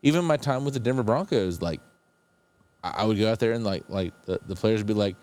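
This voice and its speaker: A West Virginia man co-hosts a podcast, chatting casually in a lowish, expressive, smooth voice with a slightly mellow quality. He talks quickly and rambles, full of fillers and restarts.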